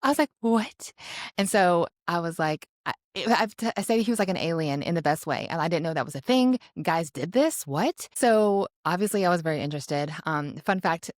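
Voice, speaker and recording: A woman in her forties tells a story in a chatty, animated way. Her voice sits low, and the recording is close and dry with no room sound. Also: no room sound. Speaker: podcast co-host. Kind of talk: casual storytelling chat.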